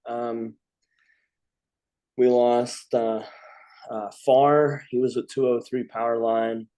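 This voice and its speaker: A man hosting a relaxed conversation with a fellow veteran. He speaks haltingly and restarts often. His pitch sits right in the ordinary middle. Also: clean tone. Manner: halting, many restarts and fillers. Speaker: host, veteran. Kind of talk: casual conversation.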